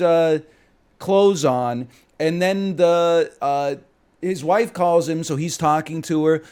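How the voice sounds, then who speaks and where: A man's voice: fairly high pitch, a little mellow. A young man chatting casually while he plays a game, rambling and joking with riffs and mock screams. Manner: jokey, trails off into riffs and bursts into mock screams.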